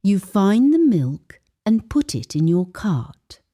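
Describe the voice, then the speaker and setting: Woman doing a slow english lesson, mellow voice, lots of ups and downs, reads phrases clear. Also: big pitch swings. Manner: slow and clear, sample phrases read with a higher lilt. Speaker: English teacher.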